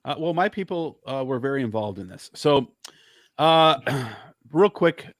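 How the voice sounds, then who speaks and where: A man hosting a podcast in a casual chat, often hesitating and filling pauses with "uh" and "um" as he steers toward the main topic. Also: medium pitch, expressive, no room sound, studio quality. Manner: hesitant, full of filler words. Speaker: podcast host.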